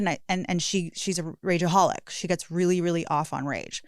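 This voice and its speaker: A woman's voice: lowish voice, steady tone, brisk, clean tone, no room sound, studio quality. A woman co-hosting a recovery podcast, speaking bluntly and candidly, swearing freely and laughing often. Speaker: podcast co-host, guest. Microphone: studio podcast mic.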